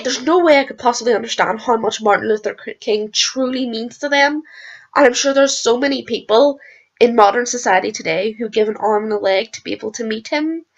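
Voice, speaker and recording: A woman with a hoarse, worn-out voice talks through her reactions in a casual vlog. She rambles excitably, swears freely and drifts off topic. Her slightly high voice has a gravelly crackle of vocal fry. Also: dull audio. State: hoarse, voice going. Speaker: video creator reacting to a TV episode.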